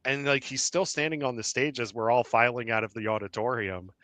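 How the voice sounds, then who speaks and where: A man, a podcast host, telling animated anecdotes in casual chat with lots of fillers. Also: medium pitch, fairly quick, no echo.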